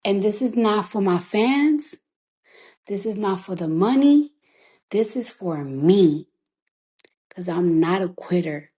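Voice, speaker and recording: On a phone livestream, a woman recording artist talks through tears in an expressive, warm, mid-range voice, slow and with long pauses. The emotional monologue is emphatic and defiant; she swears openly and repeats lines to hammer them in.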